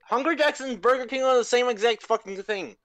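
A man co-hosting a casual podcast, excitable and quick to swear and laugh. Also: extremely high pitch. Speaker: podcast co-host. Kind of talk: casual chat.

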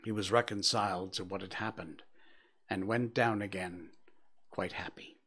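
A man reading a classic story aloud, measured and hushed in quiet passages. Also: sits low, fairly even intonation, slight background noise. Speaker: narrator.

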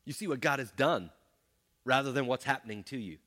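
A man's voice: mid-range voice, expressive, fairly quick, a bit bright. A man preaching a sermon as pastor, emphatic and fond of rhetorical "right?" checks. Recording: long hall reverb.

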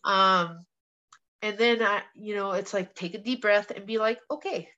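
A young woman guest talks in a candid, animated way, full of "like" and the odd swear word. Her voice sits at an ordinary middle pitch for a woman. The podcast audio is a little muffled and lo-fi. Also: unhurried. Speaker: guest, professional fighter. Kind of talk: casual interview chat.

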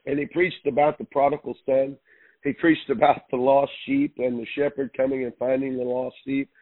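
A man in his fifties or older, a pastor giving an earnest, halting testimony in a radio interview, often repeating words. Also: mid-range voice, level tone, no room sound. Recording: phone-line radio sound.

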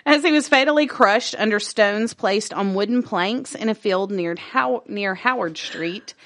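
A woman's voice: mid-range voice, measured pace, fairly bright tone, dry recording, studio quality. Woman reading aloud with playful asides. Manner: laughs easily, swears casually, stumbles over words. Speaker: podcast co-host reading an article aloud. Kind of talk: casual chat, reading aloud with banter.

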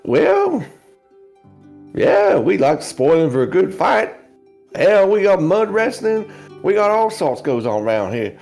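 Guy doing a gravelly old swamp mama, drawly and homespun, voice swoops up and down. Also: high-pitched, big pitch swings, slow pace, a little mellow, faint music behind, full character voice. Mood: folksy. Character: folksy older swamp woman, Great Mama.

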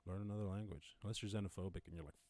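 A man's voice: deep voice, rapid-fire, darkish tone, no room sound. A man with an Irish accent hosting a casual lockdown live stream from home, rambling and joking with plenty of swearing. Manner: profane, jokey, rambling. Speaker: podcast host.

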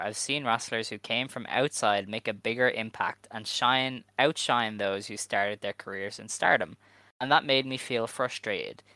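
A man co-hosting a casual podcast chat, speaking in an earnest, measured way. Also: mid-range voice, bright, forceful tone, no echo. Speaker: podcast co-host.

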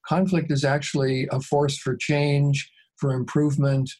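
Husky-voiced man telling a story calmly. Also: medium pitch, a little slow. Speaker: mediator and interview guest. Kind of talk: storytelling in a conversational interview.

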